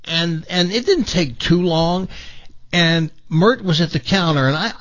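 A man hosting a radio talk show, telling a story in an animated, self-mocking way. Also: fairly high pitch, unhurried, dry recording. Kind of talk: casual storytelling chat. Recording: dull lo-fi broadcast sound.

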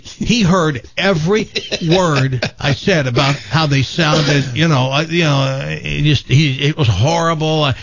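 A man hosting a radio talk show, telling a story in a lively, laughing way with lots of restarts. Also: on the high side, a little slow, dull audio. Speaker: radio host. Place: radio studio. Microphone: studio mic with headphones.

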